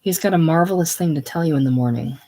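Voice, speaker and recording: A reader voicing a gentle, devoted young woman in a casual play reading, with soft, tender delivery. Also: mid-range voice, fast, natural voice. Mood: soothing.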